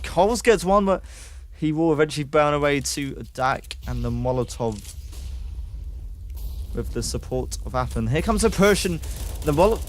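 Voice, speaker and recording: Casting an online esports match, a British man with a voice on the high side delivers excitable play-by-play that spikes on every kill. Between rounds he chats with viewers of the stream, and there's slight background noise.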